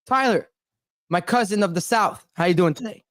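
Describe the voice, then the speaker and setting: A man from Canada hosts a casual crypto chat over a video call. His voice sits a little high and the sound is close and dry. He talks loosely, jokes constantly and swears freely. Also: moderate pace, dry recording. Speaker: podcast host.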